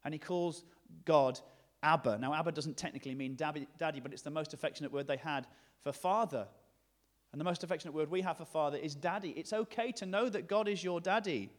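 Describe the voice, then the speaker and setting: A man's voice: a little high, a little fast. A man with a northern English accent preaching a conversational, jokey sermon in a church hall. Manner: lively, conversational, jokey preaching with sudden shifts between hushed and loud.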